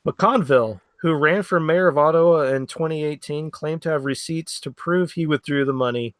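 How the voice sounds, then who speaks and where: Fairly high-voiced male podcast host. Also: moderate pace, a bit bright, no room sound. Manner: reads news articles aloud, stumbling over names. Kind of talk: casual comedy podcast chat.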